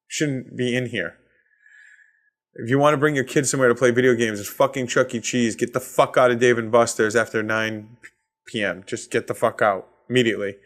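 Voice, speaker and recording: A Boston-accented man hosting his own comedy podcast. He rants sarcastically and swears constantly, in a mid-pitched voice into a podcast mic. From Massachusetts. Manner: profane, ranting, sarcastic. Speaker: podcast host. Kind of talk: solo comedic rant.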